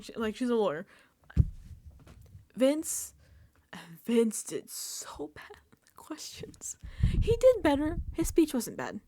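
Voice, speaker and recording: A woman talking through a TV recap with an animated, emphatic delivery and a fairly high voice. She swears casually and now and then drops into a hushed, whispered aside. The sound is close and dry, with no room around it. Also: no room sound. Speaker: reality TV recap host.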